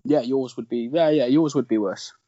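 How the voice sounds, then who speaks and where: A man's voice: mid-range voice, normal speed, dark tone, dry recording, muffled recording. Man, joking film chat. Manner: joking, chatty, swears often. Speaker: podcast co-host.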